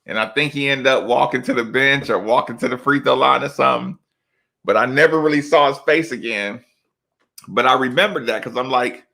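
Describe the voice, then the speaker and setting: A man's voice: medium pitch, a little fast, vocal fry, pushed and bright. A middle-aged man, a former college basketball player, telling loose, slangy stories in casual chat with lots of asides.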